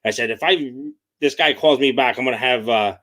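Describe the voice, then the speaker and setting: A man's voice: medium pitch, a little fast, fairly bright tone. A man with a New York accent, hosting a casual live chat about excavating and telling rambling stories. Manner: rambling storyteller, drops into voices of other people. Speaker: excavation channel host.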